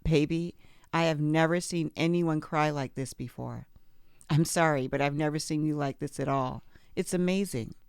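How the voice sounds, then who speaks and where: A woman's voice: sits low, normal speed, a little mellow, clean tone, no room sound, studio quality. A woman voicing an impatient, controlling husband who barks orders in a memoir reading. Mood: amused. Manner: nagging, barking orders.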